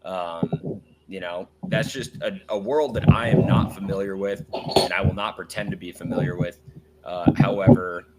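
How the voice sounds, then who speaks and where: Lowish voice podcast cohost guy, earnest, rambles a lot. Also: steady tone, normal speed, heavy background noise. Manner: earnest, rambling, fond of fillers. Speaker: podcast co-host. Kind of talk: casual sports podcast chat.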